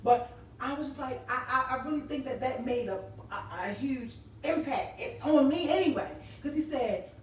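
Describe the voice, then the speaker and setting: A woman's voice: high voice, animated, moderate pace. A woman hosting a casual live-stream talk show, telling stories animatedly and reading viewer comments aloud. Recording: echoey room, distant mic, faint noise.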